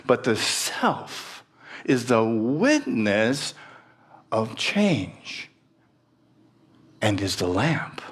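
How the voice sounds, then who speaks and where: A man voicing a calm spiritual teacher, speaking slowly and softly in a measured way. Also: medium pitch, slightly rough, full character voice. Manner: slow, measured, softly spoken. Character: stern, earnest male spiritual teacher, calm.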